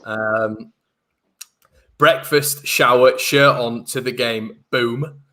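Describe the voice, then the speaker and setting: Bright, chatty young male host. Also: mid-range voice, steady tone, very slow. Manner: chatty and upbeat, tripping over restarts. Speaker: host of a football fan channel. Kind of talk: casual chat, reading viewer comments.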